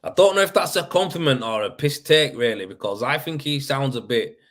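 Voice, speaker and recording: This livestream host from Leeds talks casually while reading comments, his West Yorkshire accent clear. His medium-pitched voice is expressive, a little fast and a bit bright, and he rambles, laughs a lot and says "you know what I mean."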